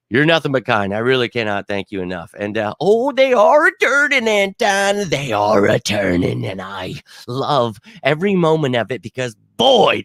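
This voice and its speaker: A fired-up man hosts a live fan show from home, ranting bluntly and swearing as he talks straight to his viewers. His pitch sits in the middle and the sound is dry and close, with no room echo. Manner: shouts out viewers by name.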